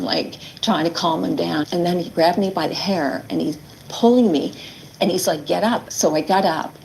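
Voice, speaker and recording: Interviewee, woman, middle-aged, gravelly, a bit low, earnest retelling. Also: slight background noise, rough recording. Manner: earnest, quotes herself and others, many "like" fillers. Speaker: interviewee recounting her ordeal. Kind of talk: emotional testimony in an interview.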